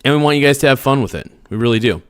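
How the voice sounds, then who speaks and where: A man's voice: medium pitch, lively intonation, rapid-fire, clear, resonant tone, no room sound, studio quality. A man hosting a casual livestream, reading viewer comments aloud and answering them in a rambling, blunt way. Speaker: livestream host.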